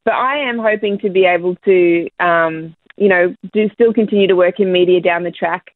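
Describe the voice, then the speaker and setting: A woman's voice: fairly low pitch, moderate pace, no echo. A young Australian woman, a church planter, speaking as a guest in a radio interview, candid and cheeky, laughing often. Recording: dry tinny phone line.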